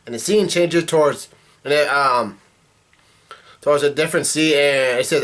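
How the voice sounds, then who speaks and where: Guy vlogging a comic recap, mid-pitched, rambly, lots of ums. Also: fairly quick, fairly bright tone. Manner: rambling with many fillers and restarts. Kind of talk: casual chat reacting to a comic chapter.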